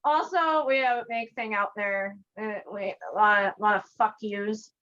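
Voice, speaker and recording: A woman chatting casually as an interview guest, playful and blunt, jumping in with quick jokes. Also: medium pitch, fairly even intonation, a bit bright, highs cut off. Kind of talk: casual chat.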